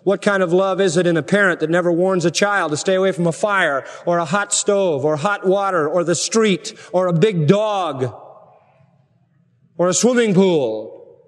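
A man preaching a sermon as pastor, emphatic, with forceful rhetorical peaks. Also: sits high, normal speed. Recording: long hall reverb.

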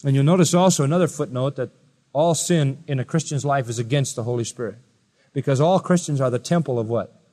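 A preacher delivering a sermon, firing rhetorical questions at listeners, swinging from loud high exclamations to quiet low asides. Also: male voice, brisk, long reverb tail. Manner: emphatic, rising to loud high-pitched exclamations then dropping quiet.

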